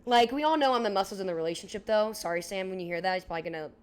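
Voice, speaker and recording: A young woman in her twenties co-hosting a podcast, telling a story in a casual, animated way, filling it with "like" and acting out what people said. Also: medium pitch, very fast, clear, resonant tone. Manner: animated, heavy use of "like", acts out dialogue. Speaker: podcast co-host.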